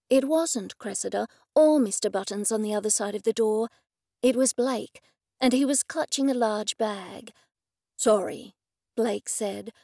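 A woman narrating a cozy mystery audiobook in the first person, steady and clear. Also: on the high side, no room sound. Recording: dry, close studio recording.

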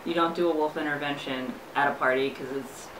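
A young woman making dry, offhand remarks in casual chat. Her voice sits a little low. She is set back from the mic in an echoey room. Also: fairly even intonation, a little fast, a bit bright, far from the mic, a little hiss or hum.

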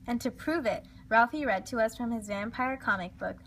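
A woman reads a children's storybook aloud with lively, expressive delivery. Her voice is fairly high and bright, with plenty of energy. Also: fairly quick, few pauses, a little hiss or hum. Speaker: storybook reader.

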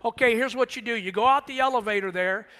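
Loud, high, bright-toned shuttle driver barking directions, a man putting him on; long church reverb. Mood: insistent. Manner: rapid barked instructions. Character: hurried male shuttle driver rattling off directions.

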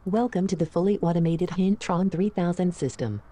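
A woman's voice: fairly low pitch, moderate pace, warm tone, close to an everyday voice. A woman voicing an automated phone hint system in a polite, wry recorded-announcement manner. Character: automated hint hotline machine, cheerful and dry.

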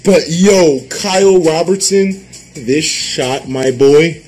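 A man's voice: fairly high pitch, takes it slowly, soft background music. A man talking casually on his livestream, swearing freely and reading out viewer messages. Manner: animated, swearing, bursts into laughter; reads out viewer donation messages.

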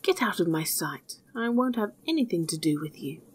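A woman's voice: lowish voice, sing-song, normal speed, husky. A woman voicing an older father who scolds his son in a weary, stern way in a storybook reading. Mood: scolding.

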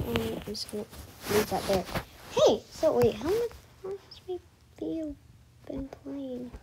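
A woman's voice: a little high, very animated, measured pace, vocal fry, very noisy. A woman giving rambling, hesitant commentary while playing a game, with frequent giggles. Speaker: channel owner. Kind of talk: casual gameplay commentary. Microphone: screen recording with voice mic.

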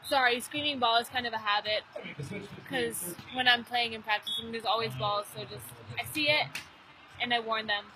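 Teen girl commentator, higher voice, chatty with jokes, noisy outdoor venue. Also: normal speed. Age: teens. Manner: chatty, joking asides. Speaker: volleyball commentator. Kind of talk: live sports commentary. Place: outdoor beach volleyball event.

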